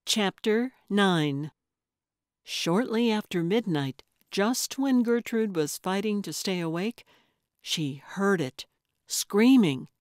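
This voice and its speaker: A woman narrating a cozy mystery audiobook in a measured storytelling manner. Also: medium pitch, animated, no room sound, studio quality. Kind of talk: scripted narration.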